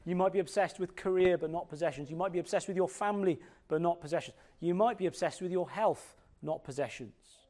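A middle-aged man preaching with a fairly high voice. He talks expressively, then slows and softens to stress scripture. A sermon voice. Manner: expressive, drops to slow quiet emphasis on scripture.

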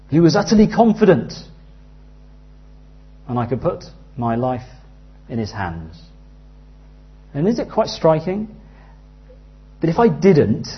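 A man in his thirties preaching a sermon earnestly, dropping to a hush and rising loud as he tells stories. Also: a little high. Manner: earnest, with big swings from hushed to loud in anecdotes. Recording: slightly dull, lo-fi sound.

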